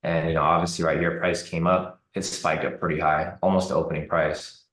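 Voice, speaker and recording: A man giving relaxed live commentary on a trading chart, thinking aloud with fillers. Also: low-pitched, a little fast, roomy sound, low-quality recording. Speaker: trading streamer.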